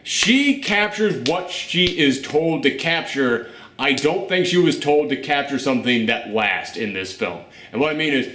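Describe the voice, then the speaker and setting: A man's voice: medium pitch, normal speed, bright, forceful tone, a little hiss or hum. A man hosting a casual film review chat, blunt and sarcastic, swearing freely as he picks the movie apart. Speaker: film review show host. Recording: roomy echo.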